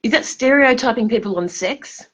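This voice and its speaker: A drunk woman with an Australian accent rambles casually on a livestream, slurring, loose and repetitive, and laughing mid-sentence. Her slightly high voice has lively intonation at a normal speed, and the audio is poor.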